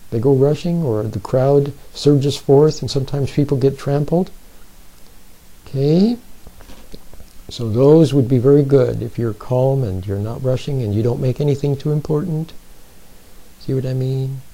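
A man giving spoken self-help advice, slow and deliberate, who keeps repeating his points and checking in with the listener. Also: mid-range voice, dark tone, low-quality recording. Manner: repeats points and often checks in with "See?" and "Are you with me?". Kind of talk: plain spoken advice talk.

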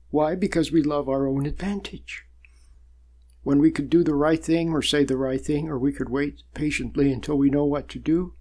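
An older man giving a sermon-like spiritual talk, measured and emphatic, building points through repeated phrases and long pauses. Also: fairly high pitch, a little mellow, breathy edge. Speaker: spiritual teacher.

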